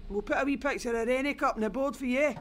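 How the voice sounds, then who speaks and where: An actress playing a grumbling, coarse-mouthed rig worker in a video game. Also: female voice, high-pitched, fast talker, slight background noise, natural voice.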